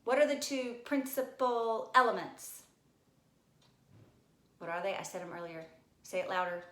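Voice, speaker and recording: A woman's voice: medium pitch, animated, measured pace, fairly bright tone, reverberant. A woman teacher giving a recorded grammar lesson, coaxing and addressing her class directly.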